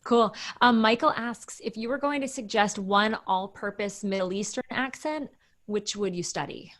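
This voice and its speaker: A woman's voice: medium pitch, moderate pace, fairly bright tone. A woman hosting an interview on a video call, giving short affirmations and reading out viewer questions. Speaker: host.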